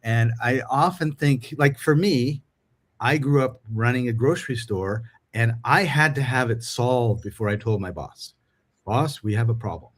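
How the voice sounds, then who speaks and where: A man's voice: medium pitch, unhurried. A middle-aged man from Canada co-hosting a podcast, chatting casually and acting out dialogue as he tells stories. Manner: animated storyteller acting out dialogue. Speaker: podcast co-host.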